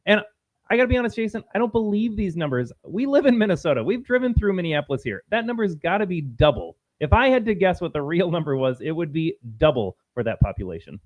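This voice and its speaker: A male podcast co-host who talks quickly, bluntly and indignantly. His voice is a little high-pitched and recorded dry and close. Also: sing-song, no echo. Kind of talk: heated political podcast talk.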